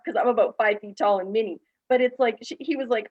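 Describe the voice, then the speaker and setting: A woman with a fairly high, darkish voice speaks quickly with few pauses and fairly even intonation, on a muffled recording. She is a guest speaker and teacher on a video call, candidly relating her personal story in a panel talk and playing the people in it.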